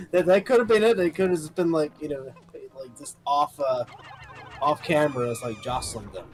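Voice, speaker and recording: A man's voice: fairly high pitch, wildly swooping pitch, normal speed, a little hiss or hum. A man chatting casually during a game stream, hesitant and full of fillers. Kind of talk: casual chat.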